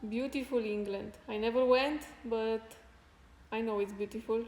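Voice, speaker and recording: A woman hosting a casual live stream, chatting with viewers in a soft-spoken, halting and grateful way. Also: on the high side, steady tone. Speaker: fitness streamer. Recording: roomy echo with faint music.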